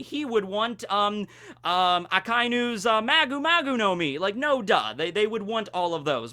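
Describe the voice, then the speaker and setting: A man in his forties hosting his own video, giving casual fan commentary in an animated, jokey way with plenty of fillers. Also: high voice. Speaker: YouTube host.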